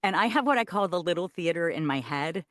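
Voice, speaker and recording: Woman, audiobook narrator, interview guest, animated, lowish voice, dry close sound. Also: a little fast, no room sound. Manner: animated, shows voice placement while explaining. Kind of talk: casual interview talk.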